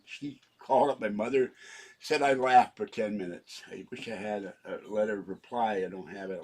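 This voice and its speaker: A man's voice: on the low side, husky. A man in his seventies in a rambling, chatty home vlog monologue at his kitchen, wandering from topic to topic. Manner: rambling, chatty, flares up when indignant. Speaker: vlogger.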